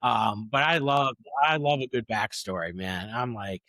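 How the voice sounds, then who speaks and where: A man's voice: medium pitch, lively intonation, measured pace, bright, forceful tone, dry recording, studio quality. Rambling, eager man in his forties. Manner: rambling, eager, repeats words while talking. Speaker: comedian guest. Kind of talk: casual interview chat.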